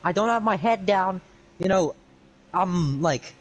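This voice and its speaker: A man's voice: sits high, lively intonation, measured pace, low-quality recording. A young man telling an exasperated, sarcastic, rambling story on a livestream. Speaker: streamer.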